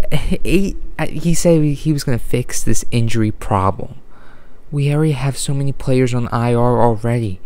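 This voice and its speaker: A man's voice: mid-range voice, unhurried, warm tone, clean tone. A man ranting unscripted at home late at night, frustrated and rambling, often stopping to restart his sentences. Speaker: sports vlogger. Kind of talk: unscripted rant.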